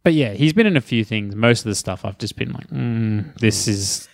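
A man's voice: mid-range voice, animated, fast, no echo, studio quality. A man hosting a casual podcast chat, laughing often and hedging with fillers. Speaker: podcast host.

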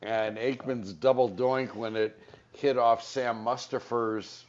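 A man hosting a sports radio show, rambling and joking, quick to laugh. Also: medium pitch, fairly even intonation. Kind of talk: casual sports radio talk. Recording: slightly dull radio broadcast audio.

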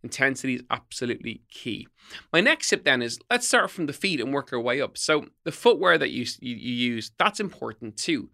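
Middle-aged male podcast host, bright voice, emphatic coaching delivery. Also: mid-range voice, big pitch swings, fairly quick, vocal fry. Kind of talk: solo podcast talk, tips.

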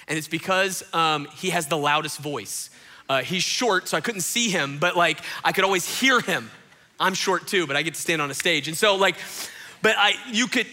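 A middle-aged man preaching on a church stage through a microphone. His voice is bright and forceful and sits a bit high. He tells stories, jumping from loud bursts to quiet asides. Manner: animated storytelling, swinging between loud and hushed. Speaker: pastor. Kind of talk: sermon.

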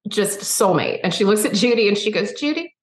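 A woman guest, a singer-songwriter, telling stories in a chatty, animated way and acting out the dialogue. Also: medium pitch, brisk. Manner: chatty, animated storyteller who acts out dialogue. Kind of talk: casual interview storytelling. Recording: roomy echo.

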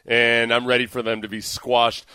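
A man's voice: medium pitch, monotone, normal speed, bright, forceful tone, clear, resonant tone, dry recording. A man co-hosting a sports radio show, wry and opinionated in casual chat.

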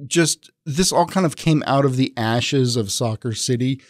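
A man's voice: mid-range voice, moderate pace, no room sound, clean studio sound. A man, a reporter and podcast host, talking as a guest in casual chat, with many restarts and fillers.

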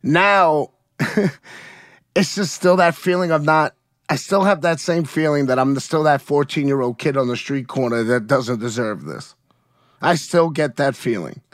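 A man's voice: a little high, a little slow, dry recording, studio quality. A man as an interview guest, talking frankly and emotionally about his feelings, often asking "you know what I mean?". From United States. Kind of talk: candid conversational interview.

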